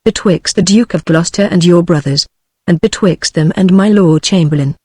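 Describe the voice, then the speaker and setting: A text-to-speech woman's voice with a British English accent reads the lines of a courteous male nobleman in a flat, even manner. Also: lowish voice, moderate pace, breathy edge, dry recording, studio quality. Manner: flat, even synthetic reading.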